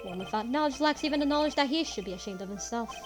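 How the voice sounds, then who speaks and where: A woman's voice: a little high, expressive, quick pace, music in the background, lightly acted. A woman voicing a pompous, condescending male detective in a courtroom game who talks in flowery phrases. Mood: smug.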